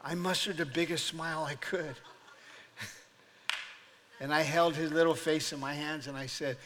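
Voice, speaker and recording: An older man, a pastor, preaching a sermon as an animated storyteller who acts out voices and laughs often. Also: a little high, moderate pace, pauses often, big-room sound, slight background noise.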